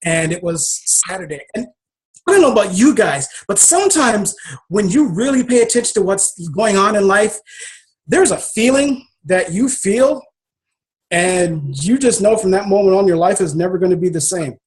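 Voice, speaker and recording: A man telling a personal story as an interview guest, in an animated, emphatic and casual manner, acting out scenes and swearing freely. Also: high voice, normal speed. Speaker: author and guest.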